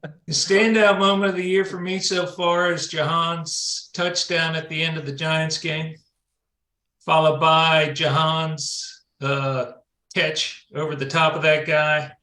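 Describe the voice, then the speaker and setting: Bright-voiced guest man in an echoey room. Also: fairly high pitch, little pitch movement, slow pace. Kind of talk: casual remote call-in chat.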